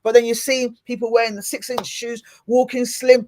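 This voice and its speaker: A woman's voice: on the high side, fast talker, hardly any pauses. A middle-aged woman hosting a podcast, chatting casually and acting out little scenes as she talks. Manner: animated, expressive, acts out little scenes. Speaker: podcast host. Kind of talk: casual interview chat.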